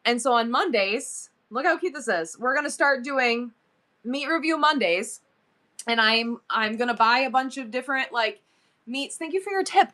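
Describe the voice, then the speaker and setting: A woman's voice: fairly high pitch, pushed and bright. A woman in her forties hosting a live selling stream, talking emotionally about her son and gushing thanks to viewers. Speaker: livestream seller.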